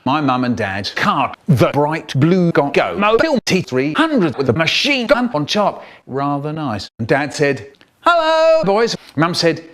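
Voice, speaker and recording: A man narrating a comic story, lively and jumping into high silly voices for the quoted lines. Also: a little slow, few pauses.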